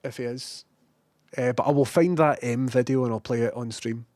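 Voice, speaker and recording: A man's voice: mid-range voice, normal speed, no echo, clean studio sound. Sweary Scottish man chatting on stream. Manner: sweary, self-mocking, animated. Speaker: livestreamer reading chat. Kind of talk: casual rambling stream chat.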